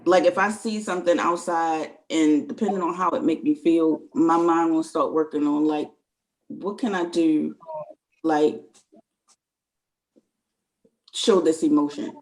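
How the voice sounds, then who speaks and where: A woman's voice: low voice, fairly even intonation, normal speed, darkish tone, poor audio. A woman guest in a casual conversation, talking earnestly and rambling, filling her talk with "like". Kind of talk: casual chat.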